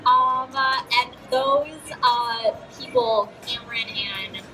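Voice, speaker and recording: A bubbly teenage girl answers a host's questions on a live stage, her fairly high voice full of ums and little giggles. She sounds distant from the microphone. Loud music keeps playing underneath her. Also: wildly swooping pitch, takes it slowly. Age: teens. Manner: bubbly, giggly, many fillers. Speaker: guest actress. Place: auto show stage with a crowd.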